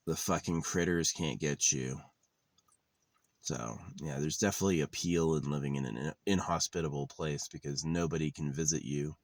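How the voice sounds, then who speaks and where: This is a rambling, sardonic vlog monologue from a man in his thirties who lives in a van and swears casually throughout. His voice is extremely low in pitch, moving at a moderate pace with no room sound.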